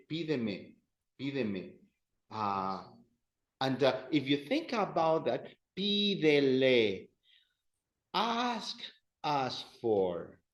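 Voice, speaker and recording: A man teaching a grammar class, playful and animated, repeating phrases and addressing students. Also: fairly high pitch, echoey room. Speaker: Spanish teacher.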